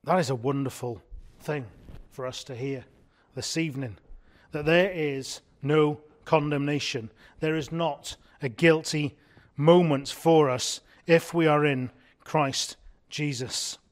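A man with a slightly higher voice delivers an evening sermon to a congregation. He speaks earnestly and with emphasis, slowing down to land his key words and repeating them for weight. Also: steady tone. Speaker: preacher.

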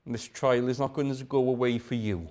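A man's voice: medium pitch, steady tone, brisk, darkish tone. A man preaching a sermon. He asks rhetorical questions, repeats phrases for emphasis and sometimes drops to a whisper.

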